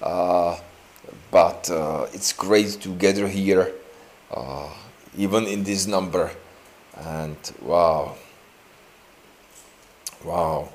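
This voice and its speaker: A man's voice: sits low, a little mellow. A man preaching an informal, joking sermon in a church, full of fillers and restarts. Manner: chatty and joking, with many fillers and slow restarts. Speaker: pastor. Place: church sanctuary indoors.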